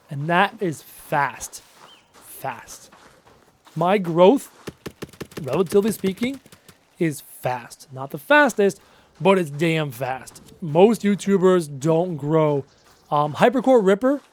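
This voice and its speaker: A man's voice: high voice, darkish tone. A man in his late twenties chatting casually on a live stream while he plays, answering chat questions aloud with self-mocking jokes, his voice wearing out. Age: late 20s.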